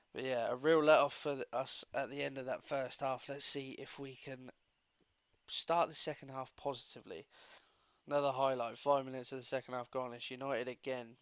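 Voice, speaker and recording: Male gaming host, excitable play-by-play caller, crisp dry voice. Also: medium pitch, dry recording. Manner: excitable, bursts into loud cheers at goals. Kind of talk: football sim play-by-play commentary.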